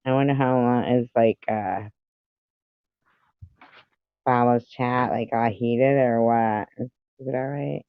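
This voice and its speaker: A man's voice: mid-range voice, fairly even intonation, takes it slowly, long pauses, smooth, no room sound. Name: chatty livestream host. Sex: man. Style: casual rambling chat. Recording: dull, dry. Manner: rambling, talks to viewers and pets between swearing. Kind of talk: casual chat with a live audience.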